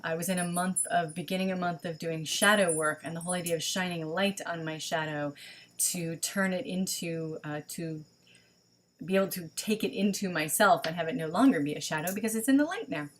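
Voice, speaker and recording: A woman with a somewhat low voice leads an online spiritual session from home, speaking into a webcam. She talks casually and thinks aloud, often pausing on ums as she goes. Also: slight background noise. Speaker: online service leader. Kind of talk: online livestream teaching.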